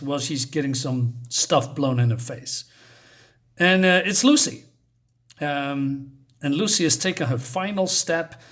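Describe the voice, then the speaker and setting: A man recapping a horror comic in a hesitant way, with many pauses and fillers. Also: fairly high pitch, fairly bright tone. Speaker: comic reviewer.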